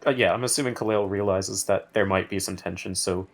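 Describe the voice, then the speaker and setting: A man's voice: deep voice, steady tone, fairly quick. A man playing a tabletop game, describing his character's moves and correcting himself as he goes. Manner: narrates his character's actions, self-correcting. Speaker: player. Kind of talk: casual tabletop role-play.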